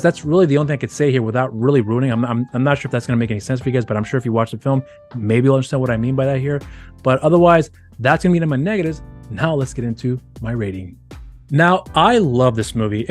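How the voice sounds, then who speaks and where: Fast-talking man rambling through a film review. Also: mid-range voice. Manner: rambling, with frequent restarts and filler words. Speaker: film reviewer, channel host. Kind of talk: casual movie review monologue.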